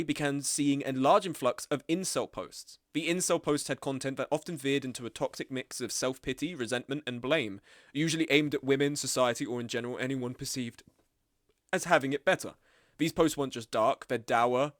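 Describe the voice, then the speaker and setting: A man, streaming and chatting casually, animated and blunt, with frequent swearing and mimicking of others. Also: fairly quick, no room sound, clean studio sound. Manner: animated, swearing, acts out quoted people in higher voices. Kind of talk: casual live-stream commentary.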